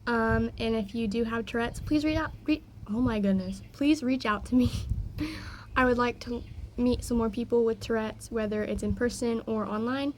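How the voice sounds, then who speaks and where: A woman's voice: on the high side, steady tone, moderate pace, darkish tone, a little hiss or hum. A young woman rambling in a casual vlog, easily distracted and full of fillers, talking outdoors by her garden into a phone. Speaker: vlogger. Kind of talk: casual personal vlog chat.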